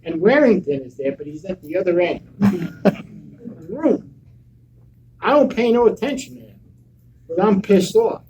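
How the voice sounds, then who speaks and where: An older man telling stories on a live convention panel in a blunt, profane, animated way. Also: high-pitched, measured pace, pauses often, slight background noise, poor audio. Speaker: panel guest.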